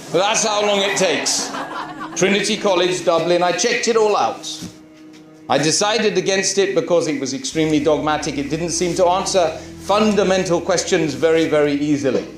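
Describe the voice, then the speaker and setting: A man, a Muslim preacher, telling his story to a live audience in an animated way, full of rhetorical questions. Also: fairly high pitch, roomy sound. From Britain.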